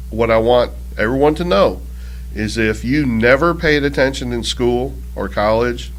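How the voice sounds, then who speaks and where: Jokey male sports show host. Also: medium pitch. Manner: jokey, theatrical. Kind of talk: playful scripted segment intros.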